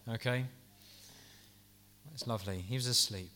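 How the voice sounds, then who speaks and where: Bright-toned man preaching a gentle sermon. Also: mid-range voice, expressive, moderate pace. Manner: gentle, earnest, pastoral; soft asides with some restarts.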